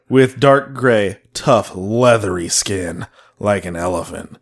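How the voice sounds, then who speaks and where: A man's voice: fairly low pitch, animated, slow, vocal fry. Man reading case notes with jokey asides. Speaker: podcast host reading the case. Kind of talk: casual chat, reading case notes aloud.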